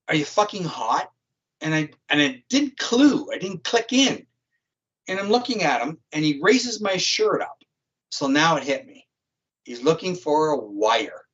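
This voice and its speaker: A man with a voice pitched a little high tells a story in a casual, blunt way. He swears freely and describes things vividly. The sound is dull and lo-fi, like a streamed show. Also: a bit bright, breathy edge. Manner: blunt and profane, vivid retelling. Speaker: guest, psychic criminal profiler.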